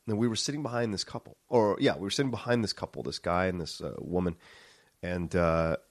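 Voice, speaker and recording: A man hosting a podcast, telling a story in a casual, animated way, swearing freely and acting out what people said. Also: on the low side, no echo, studio quality. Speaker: podcast host.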